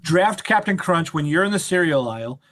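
A man's voice: fairly high pitch, animated, a little fast, a bit bright. A man hosting a casual sports podcast, joking and rambling with a laugh. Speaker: podcast host.

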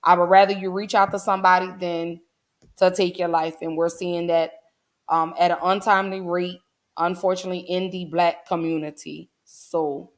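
Earnest forties woman hosting a live chat stream, near tears, a little low-pitched. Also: fairly even intonation, moderate pace. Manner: earnest, heartfelt, many "um"s, addresses chat as "y'all". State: holding back tears. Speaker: livestream host. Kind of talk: casual livestream talk to viewers.

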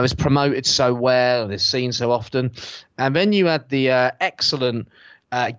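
A man's voice: mid-range voice, a bit bright, dry recording. A British man hosting a podcast from his sofa, ranting sarcastically and swearing freely in casual chat. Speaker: podcast host. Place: at home on a sofa.

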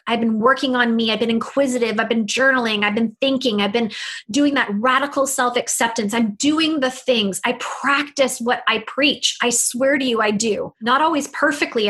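Bright-voiced woman, earnest and animated. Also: fairly high pitch. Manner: animated, earnest, heartfelt storytelling. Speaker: podcast host and business coach. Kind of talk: casual solo podcast monologue.

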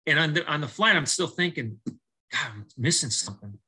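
This middle-aged baseball coach's voice is on the high side and slightly rough, at normal speed, and the audio is poor. On a podcast he narrates his life story in a testimony-style interview, animatedly performing the dialogue with many restarts.

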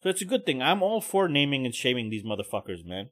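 A man's voice: medium pitch, very animated, fast talker, a bit bright. A man hosting a podcast, giving profane, heated, mocking commentary. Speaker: podcast host. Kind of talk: ranting commentary.

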